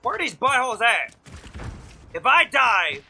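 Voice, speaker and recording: A man playing a shooter game, groaning and yelling in frustration as he comments. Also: extremely high pitch, very animated, unhurried, gravelly, long pauses, slight background noise. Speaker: gamer. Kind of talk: let's-play commentary. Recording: loud gunfire from the game behind. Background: game gunfire and explosions.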